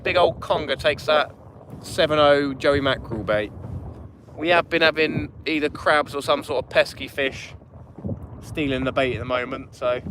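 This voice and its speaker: Chatty man on a windy boat. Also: a little high. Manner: chatty, greets viewers by name. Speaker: fishing channel host. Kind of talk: live-streamed fishing chat. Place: small inflatable boat on a harbour at night, outdoors. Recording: wind noise on an open boat. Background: wind and water.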